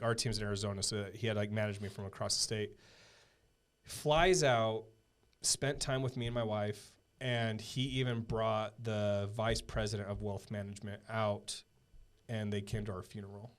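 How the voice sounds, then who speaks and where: A man in his thirties, a podcast guest telling a personal story in a casual, earnest way, full of halting restarts and fillers. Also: lowish voice.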